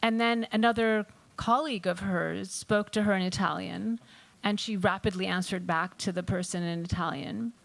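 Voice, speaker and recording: A woman author speaking on a festival panel, reflective and halting, with frequent ums and restarts. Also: medium pitch, fairly even intonation, creaky, a bit bright.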